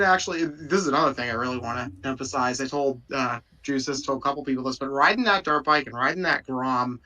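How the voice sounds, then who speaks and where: A man's voice: mid-range voice, pushed and bright. A man enthusiastically telling a nostalgic story in a group video chat. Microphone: video call. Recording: distant from the mic.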